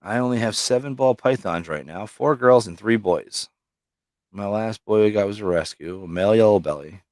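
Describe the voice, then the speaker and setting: In studio-quality audio with no room sound, a man with a lowish voice speaks at normal speed. He's chatting casually on a livestream about breeding snakes, cursing freely and loudly voicing both himself and his snakes.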